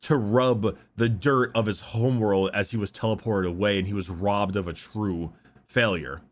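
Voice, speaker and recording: Male podcast host, casual lore explainer, profane and halting. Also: fairly low pitch, fairly even intonation. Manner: halting, profane, stumbles over words.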